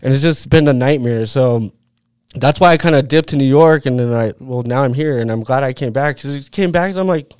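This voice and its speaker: A man in his forties from Utah, USA, appears as a podcast guest telling a rambling, profane story packed with "like" and "dude." His medium-pitched voice is slightly fast and mellow, with a clear, resonant tone. The studio-quality recording has no room sound.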